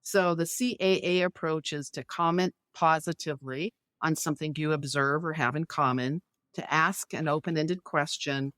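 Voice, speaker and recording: A middle-aged woman, a podcast guest, explaining conversation tips clearly and illustrating them with anecdotes. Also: deep voice, steady tone, moderate pace, a bit bright, dry recording, clean studio sound.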